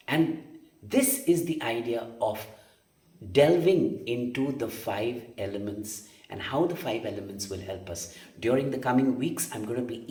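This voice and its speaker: A man's voice: mid-range voice, warm tone. A man teaching energy healing and meditation, emphatic and repetitive, often asking rhetorical questions. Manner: emphatic, repeats phrases, asks rhetorical questions. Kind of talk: spoken meditation lesson. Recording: roomy sound from a distance.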